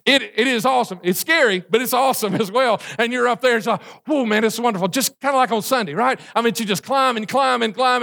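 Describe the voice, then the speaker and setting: A man, a pastor preaching a sermon and telling stories in an animated way. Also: extremely high pitch, fast, gravelly, hardly any pauses. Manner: animated storytelling, acting out prayers and screams.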